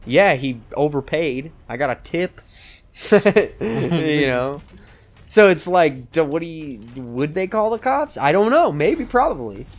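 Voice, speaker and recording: A man's voice: on the high side, lively intonation, measured pace. A young man co-hosting a let's play, rambling in casual gaming banter, swearing and laughing often.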